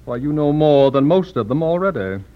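An actor playing a reasonable, teasing brother with a persuasive, amused manner, in vintage stage-play style. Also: male voice, on the high side, animated, moderate pace, close to an everyday voice. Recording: muffled lo-fi old recording.

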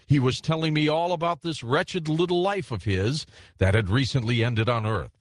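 A man reading a classic ghost story aloud as audiobook narration, telling it in a measured way and voicing the characters. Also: mid-range voice, sing-song, dry recording, studio quality.

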